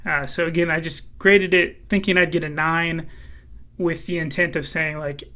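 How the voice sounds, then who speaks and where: A man hosting his own collecting channel, chatting casually with many fillers, a little hoarse and clearing his throat. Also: on the high side, steady tone, moderate pace, pushed and bright. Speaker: card collecting channel host. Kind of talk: casual vlog commentary.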